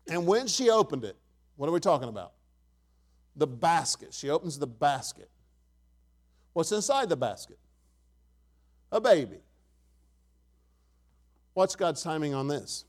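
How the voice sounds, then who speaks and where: A middle-aged man preaching a sermon as pastor, in a conversational style with jokes and repeated questions to the congregation. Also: a little high.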